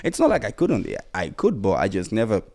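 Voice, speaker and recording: This motivational podcast host is a man with a lowish, darkish voice whose pitch swoops wildly and whose pace is brisk. Talking solo, he is casual yet insistent, urging through repetition and frequent "you know" fillers.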